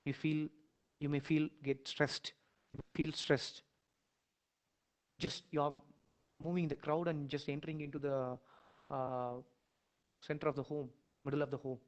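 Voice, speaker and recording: A man with an Indian English accent, lecturing and leading listeners through a dramatic imagined scene, repeating phrases and surging loud in emotional stretches. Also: fairly high pitch, rough recording. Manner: dramatic, repetitive, rising to near-shouts in emotional passages. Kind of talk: guided imagination exercise in a lecture.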